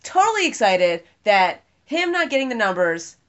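A woman talks in a highly animated, fairly high voice, her pitch swinging widely as she laughs and swears through casual political chat. The recording sounds dull and lo-fi. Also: normal speed.

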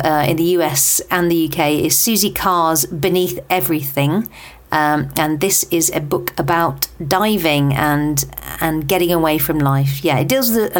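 A British woman hosting a podcast, reading a book chart roundup in a chatty way with asides and fillers. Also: lowish voice. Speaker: podcast host.

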